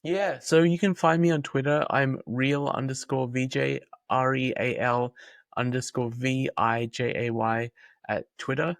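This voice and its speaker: A man's voice: mid-range voice, fairly even intonation, measured pace, gravelly, no room sound. Upbeat Australian man, dry sound. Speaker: podcast guest. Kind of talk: casual chat.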